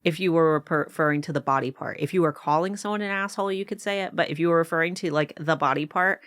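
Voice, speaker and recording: A woman from the United States co-hosting a podcast in casual chat, talking in quick restarts. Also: low voice, a bit bright, clean tone, no room sound, studio quality. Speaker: podcast co-host.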